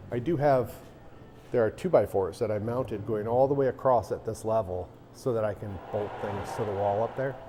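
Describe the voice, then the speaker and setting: Broadcasting live from the interior of his arcade café, a man who owns the place rambles casually, thinking aloud and restarting. He has a lowish voice, and background noise can be heard.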